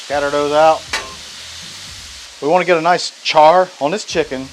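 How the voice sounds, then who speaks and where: A man's voice: fairly high pitch, steady tone, moderate pace, background noise. A man, hosting a casual cooking demonstration in a folksy, chatty way. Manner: folksy, chatty, with many fillers. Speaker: cooking channel host. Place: outdoor griddle.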